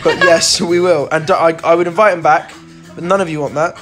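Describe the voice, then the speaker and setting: A young man chats loosely on a live stream, reading fan messages aloud and cracking jokes. His voice sits on the high side, and music plays underneath. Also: fairly even intonation, fairly quick. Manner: chatty, jokey, reads out fan comments. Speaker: band member hosting a live stream. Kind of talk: casual live-stream chat.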